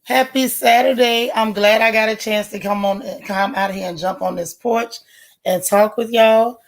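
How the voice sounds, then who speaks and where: A woman's voice: mid-range voice, moderate pace. Chatty woman greeting her live viewers. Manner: folksy, relaxed slang. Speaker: livestream host. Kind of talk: casual live-chat stream.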